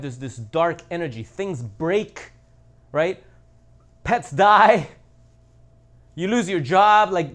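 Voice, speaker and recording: A man hosting his own channel, talking straight to viewers in a casual monologue, blunt and emphatic, repeating his points for stress. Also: sits high. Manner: speaks directly to the audience. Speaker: channel host.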